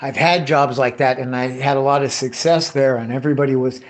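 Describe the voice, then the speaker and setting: Brisk and fairly even in intonation, a medium-pitched middle-aged man vlogs while cutting bottles. He works in tree care and tells ranting, swear-filled stories about past bosses and crews in a casual, rambling chat.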